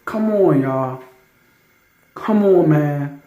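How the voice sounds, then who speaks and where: A man recounts a spiritual testimony in loose, excited talk, tripping over restarts as the story builds. He shifts into loud, emphatic scripture reading. His fairly high voice rings around a roomy, echoing space. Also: very slow. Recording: roomy echo.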